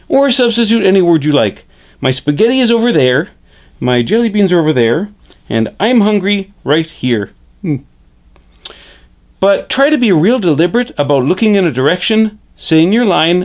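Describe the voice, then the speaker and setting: A man's voice: high-pitched, pitched above the performer's own voice. A man voicing Frederick, a friendly male hand puppet who teaches puppetry basics on camera in a chipper way, often tagging "eh?". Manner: chipper, says "eh?" a lot, slow and deliberate.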